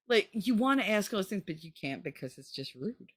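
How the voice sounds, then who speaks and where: Brief: woman host, chatty book commentary, blunt and swearing, very lively pitch, dry close sound. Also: moderate pace, breathy edge, no room sound. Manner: blunt, joking, swears freely; animated, swoops into squeaky high pitches.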